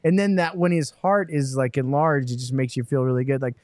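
A man hosting a podcast, telling stories in a lively, self-mocking way. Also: mid-range voice, fairly quick, dry recording. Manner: animated, self-mocking storyteller. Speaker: podcast host. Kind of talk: casual chat.

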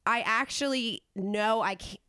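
Chatty woman podcast host, smooth voice. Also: fairly high pitch, a little slow, bright, forceful tone, no room sound, studio quality. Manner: chatty, self-deprecating, swears freely. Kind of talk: casual podcast chat.

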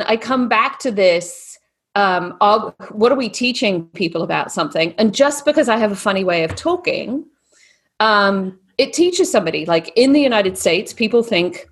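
A woman with a blended British and Texan accent that sounds Australian, speaking as a podcast guest in a lively, animated way. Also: mid-range voice, breathy edge. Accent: mixed British and Texan, sounds Australian. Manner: lively, animated storytelling with put-on voices. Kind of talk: casual podcast interview.

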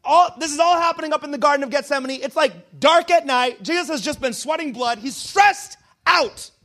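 A pastor with an unusually high voice preaches a sermon, retelling a story in loose, slangy everyday language. He narrates in a relaxed, conversational way at a slightly fast pace.

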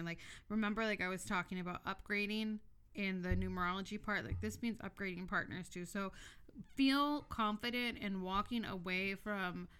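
Young female host, relaxed and chatty, smooth clear voice, casual swearing. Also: medium pitch. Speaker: host, tarot reader. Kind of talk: casual chat.

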